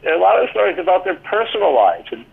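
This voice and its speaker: A man's voice: sits high, sing-song, fast talker, gravelly, slightly rough. An older man, a guest in a casual interview, telling rambling anecdotes full of "you know". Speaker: interview guest, former team athletic trainer and author. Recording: tinny phone-line call.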